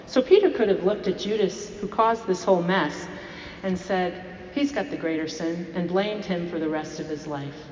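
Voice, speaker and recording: A woman's voice: lowish voice, moderate pace, a little mellow, a little hiss or hum. A woman preaching a sermon, telling a story and asking the congregation rhetorical questions. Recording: echoey hall, dull lo-fi sound.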